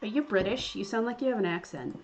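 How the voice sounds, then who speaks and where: A woman's voice: mid-range voice, fast talker, a little hiss or hum, close to an everyday voice. A woman doing a cheeky Irish frontier girl. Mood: breezy, cheeky. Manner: breezy, blunt and cheeky. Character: plucky, blunt young Irish frontier woman.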